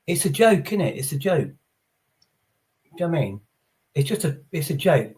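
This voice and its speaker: A middle-aged Englishman hosts a livestream, chatting in a blunt, sweary, rambling way. His medium-pitched, darkish voice swings widely in pitch, and he talks briskly but with long pauses, over faint background noise.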